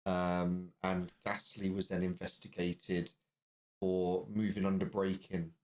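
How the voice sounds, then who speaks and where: A man's voice: low-pitched, flat delivery, slow, a little mellow. A man co-hosting a podcast, recounting race events in a brief, matter-of-fact way. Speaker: podcast co-host. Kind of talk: casual race recap chat.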